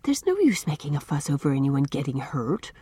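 A woman's voice: sits low, big pitch swings, brisk, mellow, breathy edge, dry recording, voice pushed down, exaggerated voice. A woman voicing a bold, self-assured young girl with a lofty, airy, matter-of-fact manner.

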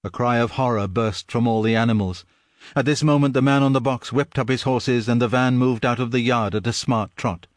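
A man narrates a story in a measured, even voice of middling pitch. The recording is dry and close, with no room sound. His delivery is steady and unhurried. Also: no echo. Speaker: audiobook narrator. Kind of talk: scripted narration.

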